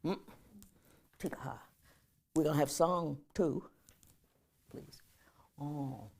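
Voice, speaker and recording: A woman professor giving a public lecture, telling stories in a lively way and leading the audience in chanting. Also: low voice, slow pace, creaky, breathy edge.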